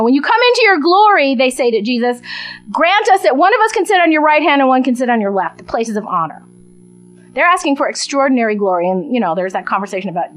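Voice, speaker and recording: A woman preaching a sermon, telling a gospel story in a lively way and acting out the voices of the crowd. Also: sits high, low-quality recording.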